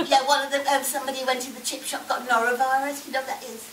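In a live comedy act, a woman plays a cheeky, chatty newborn baby girl, giggling through a rambling story full of tangents. Her high voice stays fairly flat in pitch and moves quickly, sounding natural. The echoey, distant-mic recording has loud background noise.

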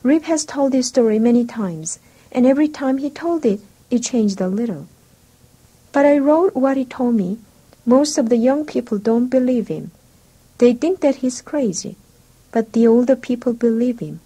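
A woman reading a storybook aloud for English learners, slow, clear and even. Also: fairly high pitch, rough recording. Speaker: audiobook narrator.

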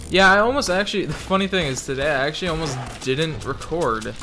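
A man's voice: fairly high pitch, fast talker, few pauses, music in the background. A young man rambling through casual gameplay commentary, reading game text aloud mockingly, swearing freely, and talking in a joking put-on Italian-ish accent. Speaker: gaming channel host.

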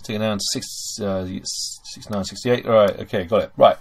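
A man's voice: lowish voice, steady tone, fairly quick. A man teaching German grammar over a screen recording, chatty and full of okays and fillers.

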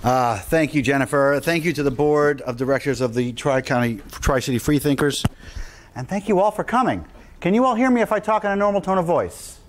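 A man giving an energetic, emphatic public lecture as the guest speaker to a live audience in a lecture room. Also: fairly high pitch, fairly quick, noisy background.

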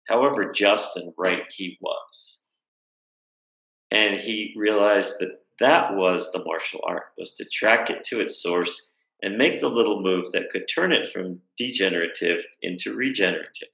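A man's voice: fairly low pitch, normal speed, vocal fry, pushed and bright, reverberant, rough recording. A man speaking as a guest in a video-call conversation, telling a reflective story in a thoughtful way, with fillers and frequent rhetorical questions.

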